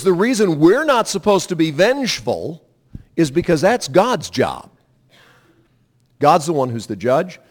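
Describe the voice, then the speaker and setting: A man preaching a sermon, emphatic and drawing the congregation into repeating lines after him. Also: fairly high pitch. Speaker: pastor.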